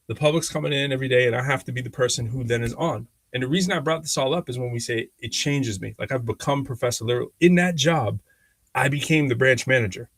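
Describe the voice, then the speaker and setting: A man co-hosting a podcast, telling stories in a casual, animated way, often acting out what other people said and laughing as he goes. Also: mid-range voice, fast, no room sound. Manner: animated, acts out quoted voices, laughs often. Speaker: podcast co-host. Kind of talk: casual conversational storytelling.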